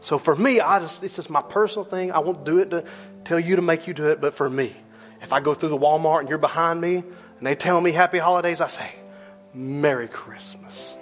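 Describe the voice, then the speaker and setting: Emphatic preaching man, fairly high voice. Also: steady tone, soft background music. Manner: emphatic, conversational preaching with repetition; rises loud for emphasis, drops low and slow on key words. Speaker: pastor. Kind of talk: sermon.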